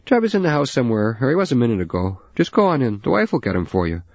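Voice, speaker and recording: A man voicing a gruff middle-aged father who is fixing a truck. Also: mid-range voice, sing-song, racing, a little mellow, no room sound, highs cut off, pitched above the performer's own voice.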